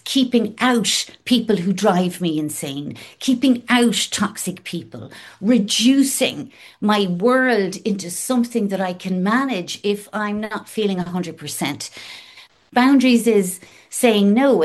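A middle-aged woman talking candidly as a guest, emphatic and frank, swearing casually and listing things in rhythmic runs. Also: mid-range voice. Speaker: guest in recovery. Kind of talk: candid conversational chat.

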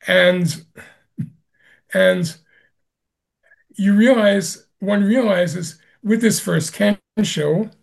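A man, a Zen master, answering an interview question with slow, gentle storytelling and soft laughs. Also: high-pitched, vocal fry.

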